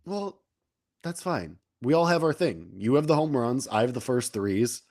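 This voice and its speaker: A man talks through his sports bets in relaxed podcast chat. He rambles and restarts his sentences often. His voice sits in a middle range, and the sound is dry and close. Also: medium pitch, dry recording. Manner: talks fast with frequent restarts and fillers. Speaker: sports betting co-host.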